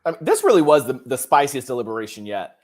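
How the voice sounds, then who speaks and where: A man hosting a casual podcast chat, expressive and emphatic, often laughing. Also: medium pitch, fast. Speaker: podcast host.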